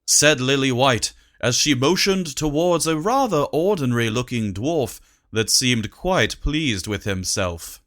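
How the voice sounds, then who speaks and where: An audiobook narrator reading a comic storybook in a measured, unhurried way. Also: medium pitch, lively intonation, a bit bright.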